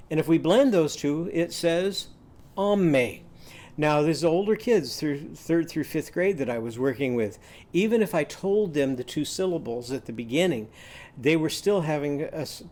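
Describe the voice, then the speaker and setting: A man with a fairly high voice walks through a classroom reading exercise. He talks in a bright, sing-song teaching manner, sounding out letters and leading little cheers. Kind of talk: classroom demonstration lesson.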